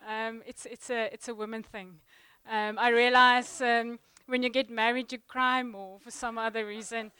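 A young woman giving a sermon in a church, chatty and halting, full of ums and restarts. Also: a little high, flat delivery, sharp tone, clean tone, no room sound. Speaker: guest preacher. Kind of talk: sermon opening, casual warm address.

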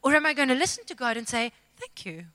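A woman telling a personal faith testimony in an expressive, self-mocking, dramatic storytelling way. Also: high voice, very fast, no echo. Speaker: speaker sharing a testimony.

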